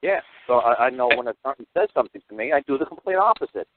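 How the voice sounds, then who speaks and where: A man hosting a call-in radio show, telling stories in a blunt, profane, animated way. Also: medium pitch, rapid-fire, dry recording. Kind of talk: call-in radio talk, storytelling. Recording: tinny phone-line radio audio.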